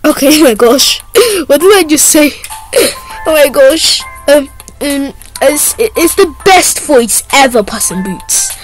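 High, lively woman doing giggly toy play. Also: unhurried, faint music behind, rough recording. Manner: giggly, playful, often breaking into laughter. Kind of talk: improvised toy role-play voicing many characters.

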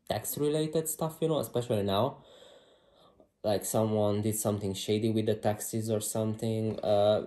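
A man doing a casual tarot reading to camera, blunt and excitable, swearing freely as he thinks aloud. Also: lowish voice, a little hiss or hum. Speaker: tarot reader. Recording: roomy echo.

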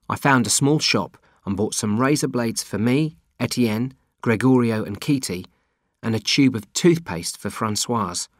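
A man narrating an audiobook in a plain, steady reading voice. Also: mid-range voice, no room sound, clean studio sound. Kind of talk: scripted narration.

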